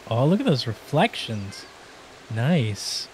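A woman giving excited let's play commentary, gushing and giggling with lots of delighted exclamations. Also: extremely low pitch, takes it slowly, a little hiss or hum, rough recording. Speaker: gaming YouTuber.

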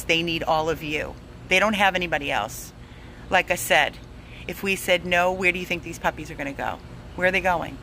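A woman's voice: low-pitched, fairly bright tone, a little hiss or hum. A woman who heads an animal rescue, making an urgent, emotionally drained donation appeal and pleading over and over. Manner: pleading, repeats herself, begging.

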